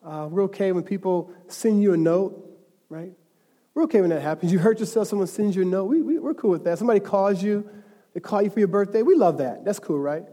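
A man with a high but mellow voice preaches to his congregation. He talks in an easy, chatty way and builds to passionate, emphatic stretches. His voice rings with a long reverb in a church sanctuary. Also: a little fast. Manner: conversational, rising to emphatic passion. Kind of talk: sermon.

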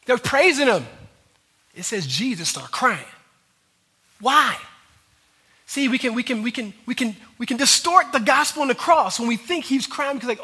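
Male pastor preaching a sermon: husky, bright, high-pitched, drops to hushed intensity and rises to fervent peaks. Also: very animated, normal speed, long pauses.

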